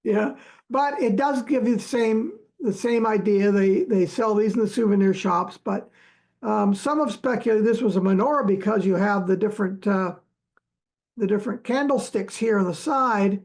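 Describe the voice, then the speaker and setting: Gravelly halting male archaeologist. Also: sits high, a little mellow. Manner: halting, many fillers and restarts, chuckles often. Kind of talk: relaxed storytelling chat.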